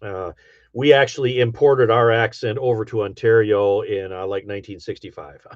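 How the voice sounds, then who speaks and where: A middle-aged livestream host with an Upper Midwest, Michigan accent reads out chat in a rambling, folksy, casual way, full of ums and uhs. His voice is on the low side with fairly even intonation at normal speed, and the lo-fi recording sounds dull and dry.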